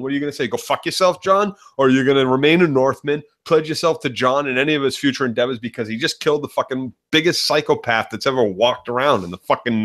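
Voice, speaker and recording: A man co-hosting a casual podcast chat, retelling scenes in an animated, profane way. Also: medium pitch. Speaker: co-host.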